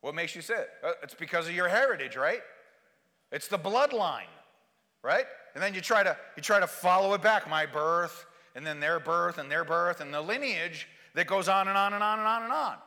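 A man preaching a sermon, swinging from hushed lines to shouted refrains and bantering with his congregation. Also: sits high, expressive, normal speed. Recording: long hall reverb.

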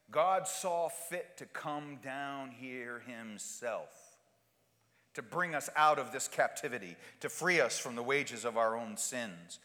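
A man's voice: fairly high pitch, sharp tone, long reverb tail. A male pastor preaching a sermon, asking rhetorical questions and hammering points home through repetition.

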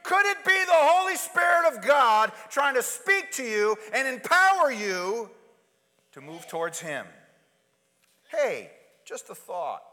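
A man preaching a sermon, swinging from loud, urgent passages to hushed, intimate asides, and acting out quoted prayers and pleas. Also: very high voice. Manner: acts out quoted prayers and pleas in different voices. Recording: long hall reverb.

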